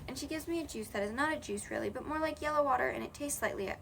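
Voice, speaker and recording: A woman's voice: on the high side, lively intonation, fast, gravelly, few pauses, a bit bright, slight background noise. A young woman reading a children's novel aloud in a casual way, correcting her own slips as she goes. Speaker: audiobook reader.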